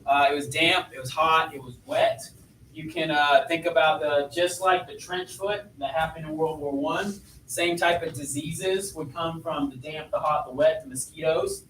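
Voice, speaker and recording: A man's voice: on the high side, steady tone, moderate pace, a bit bright, slight background noise. A man teaching a history class in a chatty lecture style, asking his students questions as he goes. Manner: conversational, asks students questions. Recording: echoey classroom, voice from far off.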